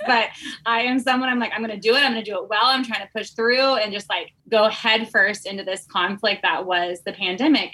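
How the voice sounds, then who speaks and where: A woman's voice: mid-range voice, pushed and bright, poor audio. A young adult woman, a teacher, telling her story on a podcast in a candid, earnest way. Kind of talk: casual podcast conversation.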